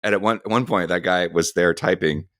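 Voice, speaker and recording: Very deep-voiced man telling a rambling story. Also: fairly quick, fairly bright tone, dry recording, studio quality. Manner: meandering anecdotal storytelling. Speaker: podcast co-host. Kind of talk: casual podcast chat.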